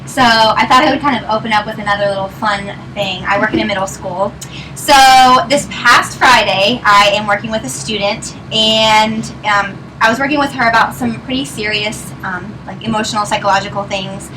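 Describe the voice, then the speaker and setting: A woman's voice: mid-range voice, fairly even intonation, normal speed. A woman in her twenties from Northern Virginia, presenting at a meeting and telling a story in a chatty way, laughing as she goes. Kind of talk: speaking to a live audience. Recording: distant mic, clear noise.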